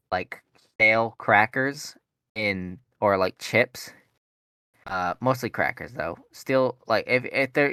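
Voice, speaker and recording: A man's voice: on the low side, bright, forceful tone, clear, resonant tone, no room sound. A young man, a podcast co-host, telling a rambling story in casual chat, full of fillers and swearing. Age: young adult.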